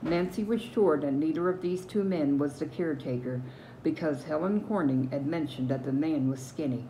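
An older woman with a Newfoundland accent reads a mystery novel aloud in a low voice, telling it steadily and fixing small slips as she goes. A faint hiss sits behind her. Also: normal speed, low-quality recording. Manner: steady storytelling with small slips and self-corrections. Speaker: reader.

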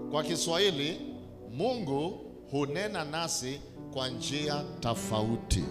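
A man, preaching a sermon as a bishop in an emphatic, repetitive call-and-response manner. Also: mid-range voice. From Kenya. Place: large church hall. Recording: reverberant church hall with music.

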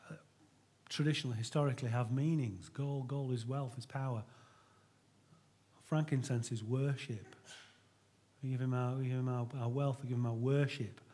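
A man's voice: medium pitch, steady tone, moderate pace, long pauses, dark tone. A middle-aged man preaching a sermon to his church in an earnest, conversational way, often restarting his sentences.

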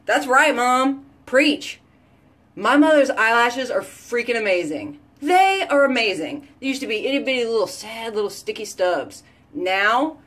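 A woman hosting a sales chat for viewers gushes with excitement over beauty products she's selling, repeating phrases for emphasis amid breathless exclamations. Her voice is a little high.

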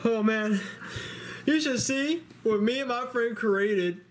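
A woman's voice: fairly high pitch, slow, a little hiss or hum. A woman voicing a bratty, crude young male plush turtle who talks in a smug, teasing way. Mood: taunting.

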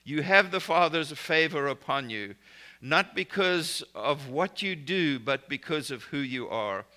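A man's voice: fairly high pitch, expressive, a little slow, pushed and bright. A man preaching a recorded sermon in an emphatic, declarative way, speaking blessings and prayers over his listeners.

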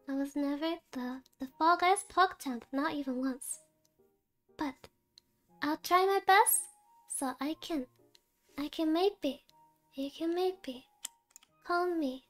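Speaking slowly in a high voice with long pauses, a woman VTuber giggles through casual chat with her viewers while she games. She sounds tired and sleepy but cutesy, laughing often, over soft background music.

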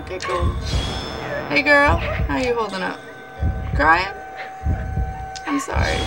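A woman's voice: high voice, huge pitch swings, slow, vocal fry, pauses often, rough recording. A woman casually commentating a horror game, jumpy and swearing, shrieking at scares and talking to the ghosts on screen. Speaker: gaming channel host. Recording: music playing over the voice.

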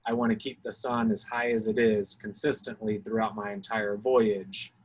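A man's voice: lowish voice, little pitch movement, moderate pace, breathy edge, low-quality recording. A man from Alabama with a Southern accent, a Coast Guard expert answering questions on a video call in a loose, step-by-step way, often hedging his answers. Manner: explanatory, self-hedging, talks through steps. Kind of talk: informal technical Q&A talk.

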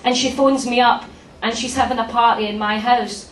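A Glaswegian woman in her forties doing a brash, sweary, deadpan stand-up comedy set. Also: fairly high pitch, normal speed, slight background noise. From Glasgow, Scotland. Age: 40s. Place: theatre room at a comedy festival. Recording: echoey, distant venue sound. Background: audience laughter.

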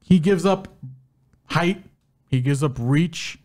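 He has a fairly high voice and talks slowly, co-hosting a casual podcast about betting. His manner is loose and animated, full of slang.

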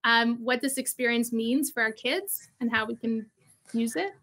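A woman's voice: on the high side, normal speed, fairly bright tone. A woman hosting a livestream interview over a video call, speaking in a casual, chatty way with many fillers. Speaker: host, interviewer.

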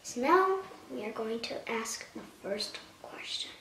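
At home, a woman hosts a comedic spoof vlog, speaking at a measured pace in a high, lively, sharp voice and playing up mock drama with exaggerated gasps and alarm. She sounds off-mic and distant in an echoey room, with a little hiss or hum.

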